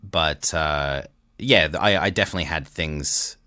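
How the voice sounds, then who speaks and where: A man's voice: extremely low pitch, normal speed, bright, forceful tone, clean tone, dry recording, clean studio sound. A middle-aged Australian man with an Australian accent, chatting casually as a voice-actor guest, laughing often and restarting his sentences. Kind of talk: casual interview chat.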